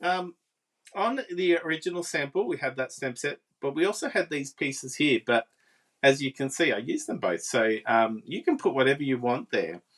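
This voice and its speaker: A woman's voice: very deep voice, expressive, moderate pace. A woman giving a casual, chatty live card-making demonstration and talking with viewers. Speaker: papercraft demonstrator.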